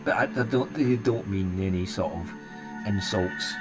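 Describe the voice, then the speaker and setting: With music in the background, a Scottish man whose voice sits low speaks at a measured pace while hosting a live stream. He chats casually with viewers in a rambling, hesitant way, often starting sentences over.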